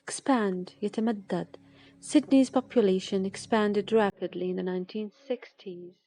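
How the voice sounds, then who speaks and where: A woman teaching vocabulary, reading single words and example sentences in a slow, measured way. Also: medium pitch, mellow. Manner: slow, measured reading, one word at a time.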